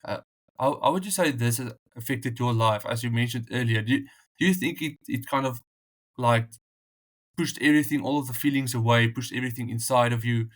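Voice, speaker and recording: A man's voice: mid-range voice, brisk, a bit bright. A man interviewing a guest, asking long questions hesitantly and stumbling over his words.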